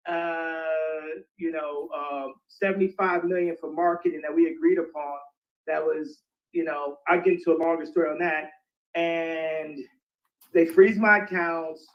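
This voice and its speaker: A man telling rambling stories in a casual chat, often breaking into fits of laughter. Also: high-pitched. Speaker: interview guest. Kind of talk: casual storytelling in an online audio chat. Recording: dull lo-fi online audio.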